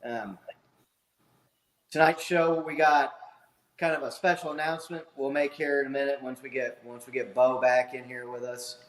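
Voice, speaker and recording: Male podcast host on a video call, casual and rambling, mid-pitched, echoey room. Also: fairly even intonation, moderate pace. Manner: rambling, many fillers and restarts. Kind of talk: casual sports chat.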